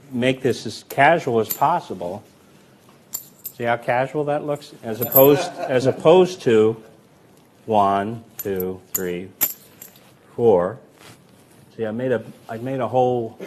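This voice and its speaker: Demonstrating a coin sleight-of-hand routine, a man counts the coins out loud and shares stories of older magicians, voicing their lines as he goes. His mid-range voice comes with a little hiss or hum, and his manner is relaxed and conversational.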